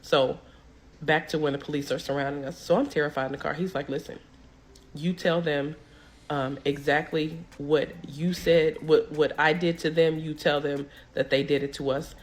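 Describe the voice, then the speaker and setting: A woman's voice: sits low, fairly even intonation, normal speed, a little hiss or hum. A young woman, telling a story casually and acting out the people she quotes.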